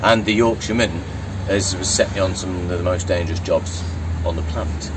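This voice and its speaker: A sweary Lancashire man who rambles through his stories in a lowish voice. He sits back from the mic, and there is a steady wash of street and traffic noise behind him. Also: a little fast. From Blackpool, England. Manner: swears freely, rambling storyteller. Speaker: interview guest, yacht crew. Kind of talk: casual chat. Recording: distant mic with urban background noise.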